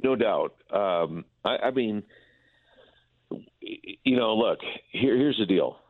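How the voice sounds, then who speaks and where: Male baseball broadcaster phoning in, deep voice, tinny phone audio, loose chatty delivery full of restarts. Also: lively intonation, slow, husky, no echo. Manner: repetitive, stumbling restarts. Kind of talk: casual sports talk by phone.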